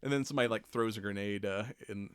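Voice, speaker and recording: Low-voiced man rambling through a recap. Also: fast, clear, resonant tone, no room sound, studio quality. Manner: rambling, swears freely, laughs often, acts out quotes. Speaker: podcast host. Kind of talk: casual chat recapping a TV episode.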